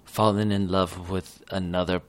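Man doing a fake-posh english nobleman, crude, theatrical, kinda low. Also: flat delivery, moderate pace, very noisy, natural voice.

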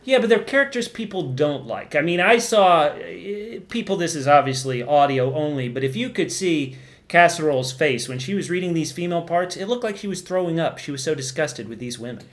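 Podcast co-host, eager mock-earnest chatter, fairly high voice. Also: male voice, lively intonation, fairly quick. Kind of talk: casual chat.

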